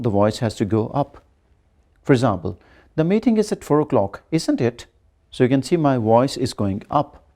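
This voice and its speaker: A man giving a grammar lecture, slowly explaining and repeating examples. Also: medium pitch, mellow. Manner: explains slowly, repeats examples, demonstrates rising and falling tones. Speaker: English lecturer.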